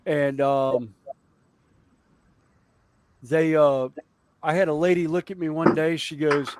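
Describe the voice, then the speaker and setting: A man chatting casually on a livestream, telling jokes and stories with many pauses and fillers. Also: a little high, steady tone, slight background noise.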